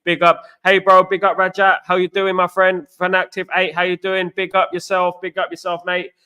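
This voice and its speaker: With a clean, bright, forceful tone, this man's high voice stays monotone at a normal speed. He runs a live fan stream, talking casually through a match, welcoming chat viewers by name and repeatedly saying "you know what."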